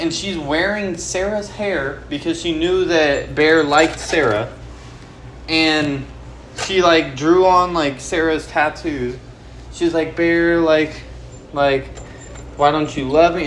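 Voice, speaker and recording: A young man YouTuber casually recapping a movie plot, rambling with lots of slang and filler words. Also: fairly high pitch. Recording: echoey room with loud background noise.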